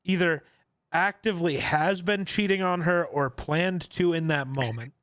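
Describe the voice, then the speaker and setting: A young man with a slightly high voice, cracking jokes and laughing through a casual podcast chat. He sounds close to the mic, with almost no room echo. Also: a little slow, fairly bright tone. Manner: joking, bursts into laughter. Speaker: podcast co-host.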